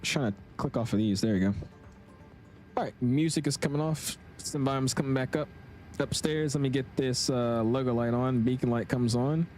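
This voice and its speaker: A young man casually commentating his flight simulator live stream, chatting with viewers in a relaxed, slangy way. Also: medium pitch, moderate pace, soft background music. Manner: laid-back, chatty, slangy, reads chat aloud.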